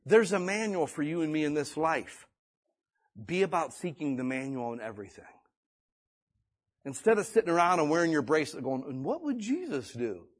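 A male pastor preaching a sermon in a folksy, conversational way, swinging between loud and hushed delivery. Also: fairly high pitch, brisk, pauses often. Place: church or meeting room.

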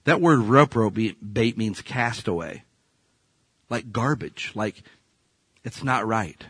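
A male pastor preaching a sermon, telling Bible stories in an animated way that swings from hushed to loud. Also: lowish voice, takes it slowly, breathy edge, dry recording.

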